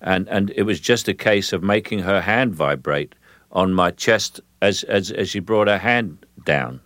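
Recorded dry and at studio quality, an older Cockney actor from London speaks unhurriedly in a low, fairly bright voice. As a radio guest, he meanders hesitantly through anecdotes and stops now and then to act out voices.

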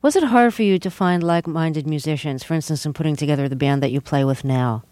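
A woman's voice: low-pitched, fast, dark tone, no echo. A woman hosting a radio interview, asking short, probing questions and introducing her guest.

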